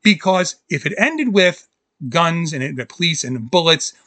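Excitable guy gushing about movies, kinda high voice, acts out the scenes. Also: normal speed, no room sound. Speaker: podcast co-host. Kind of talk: casual movie-review chat.

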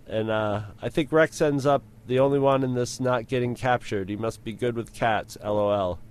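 A man's voice: mid-range voice, moderate pace, smooth. A man co-hosting a podcast, chatting casually in a joking, laid-back way with frequent restarts. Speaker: podcast co-host.

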